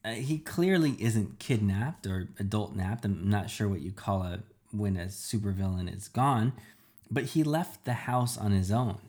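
A man's voice: fairly low pitch, measured pace, a little mellow, natural voice. A man reading a storybook aloud, voicing a secretive young girl genius who argues insistently. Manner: pressing, argumentative.

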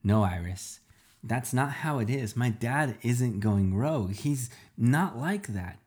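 A man's voice: medium pitch, animated, slow, darkish tone. A man reading a storybook aloud, voicing a hurt young boy defending his father. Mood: upset. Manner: upset, protesting.

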